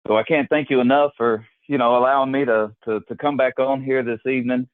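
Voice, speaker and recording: A man's voice: medium pitch, fairly even intonation, fairly quick, no room sound. A man appearing as a guest on a podcast, speaking earnestly and casually, often restarting his words. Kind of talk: casual chat. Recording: tinny phone line.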